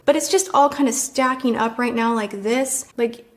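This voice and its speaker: A woman talking straight to camera in a vlog with a fairly high voice. She is blunt and emphatic and pushes her points with indignant force. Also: moderate pace. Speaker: influencer.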